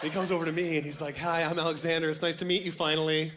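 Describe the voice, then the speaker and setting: High-pitched guy doing an animated stand-up set at a comedy club, loud noisy room behind him. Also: very fast. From Canada. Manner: animated, acts out voices of others. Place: comedy club stage with live audience.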